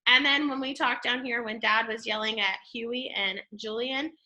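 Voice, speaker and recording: A woman teaching a classroom reading lesson. She explains step by step, checks in often with the class, and uses an expressive tone to show how to read. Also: fairly high pitch, normal speed, highs cut off. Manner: explanatory, checks in with "okay?" and "right?"; expressive, shifts tone to model reading.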